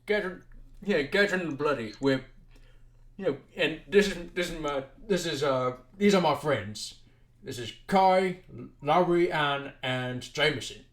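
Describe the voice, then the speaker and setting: A man's voice: on the high side, expressive, a little slow, roomy sound. A man playing his character in a tabletop game, stammering with restarts. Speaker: player.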